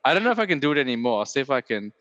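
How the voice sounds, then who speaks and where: A man's voice: mid-range voice, big pitch swings, racing, fairly bright tone, no room sound, long reverb tail, dull audio. A man hosting a podcast in casual chat, rambling and joking, often breaking into put-on voices. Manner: rambling, self-interrupting, jokey with put-on voices. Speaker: podcast host.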